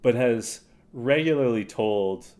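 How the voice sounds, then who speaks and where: A man's voice: mid-range voice, takes it slowly, a little mellow. A man co-hosting a podcast, chatting casually and bluntly about a reality show and laughing often. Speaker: podcast co-host.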